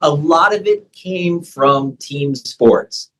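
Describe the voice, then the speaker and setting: A middle-aged man, a personal trainer, talking in a conversational interview and acting out coaching lines with animated delivery. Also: a little high, slow pace, low-quality recording. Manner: animated, acts out coaching voices. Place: Thailand.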